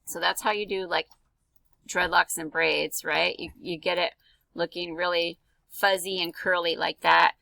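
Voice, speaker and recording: A woman's voice: fairly low pitch, fairly even intonation, unhurried, creaky, bright, forceful tone, dry recording, rough recording. A woman art teacher talking through a drawing tutorial in a casual, chatty way, with many ums and likes. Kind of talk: screen-recorded drawing tutorial.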